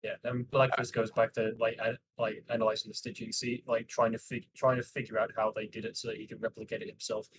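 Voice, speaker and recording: Male player, casual, halting delivery. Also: lowish voice, little pitch movement, a little hiss or hum, poor audio. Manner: halting, with many restarts. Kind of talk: casual role-play at the table.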